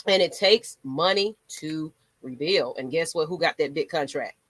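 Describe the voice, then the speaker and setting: A woman's voice: deep voice, normal speed, a bit bright, dry recording. A woman hosting a fan channel, ranting in a sassy, dramatic way. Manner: sassy, dramatic, rants with mock voices. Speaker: sports channel host. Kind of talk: animated fan commentary.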